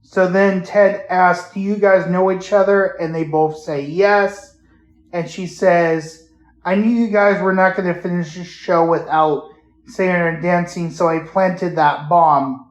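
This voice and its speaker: A man hosting a casual podcast, retelling a show haltingly with many fillers and restarts. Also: sits high, fairly even intonation, muffled recording. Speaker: podcast host. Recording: roomy echo.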